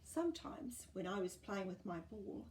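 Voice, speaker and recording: A woman reading a children's picture book aloud, animated and expressive, her pitch swinging up and down. Her tone is mellow and warm, recorded in an echoey room with the mic some distance away. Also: moderate pace. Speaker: children's story reader. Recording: roomy, distant mic, faint noise.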